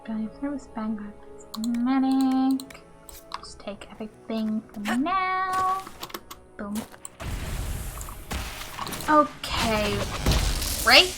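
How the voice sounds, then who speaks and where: Playful higher-voiced woman streaming a game. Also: drawn-out words, pauses often, over music. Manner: chatty, playful, jokey asides to the game. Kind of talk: casual gameplay commentary.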